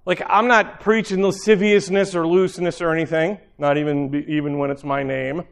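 A man with a fairly high voice preaches in an easygoing, conversational manner. He repeats key phrases and drifts into quick asides as he speaks to a church congregation. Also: fairly even intonation, creaky. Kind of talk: sermon.

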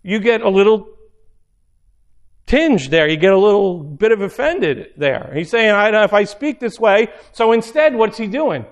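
A man preaching a sermon, animated, acting out little scenes in character voices. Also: high voice, unhurried. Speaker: pastor.

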